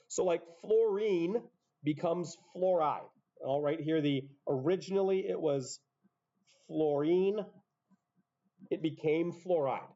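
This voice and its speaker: A man lectures a class on chemistry, walking through each rule step by step and dropping casual asides. His voice sits a little high but sounds mellow and soft-edged. The recording is muffled and lo-fi, as if captured in a classroom. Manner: explains step by step, self-interrupting asides. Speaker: high school chemistry teacher.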